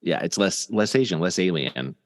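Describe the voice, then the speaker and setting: A man's voice: low voice, normal speed, in a large hall. A man hosting a podcast, chatting casually, often laughing and filling gaps with ums. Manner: laughs often, fillers, animated. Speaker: podcast host. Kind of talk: casual chat.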